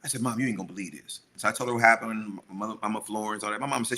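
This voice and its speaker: A man's voice: on the low side, very fast, hardly any pauses, sharp tone, slight background noise. A middle-aged man co-hosting a podcast, telling a story in casual chat and acting out the people he quotes. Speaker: podcast co-host.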